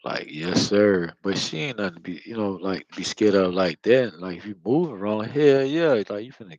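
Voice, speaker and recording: A man's voice: lowish voice, normal speed, darkish tone, dry recording, dull audio. A man talking in a loose, slangy, profane monologue full of fillers, close to the mic. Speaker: spiritual vlogger. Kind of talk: casual rambling monologue.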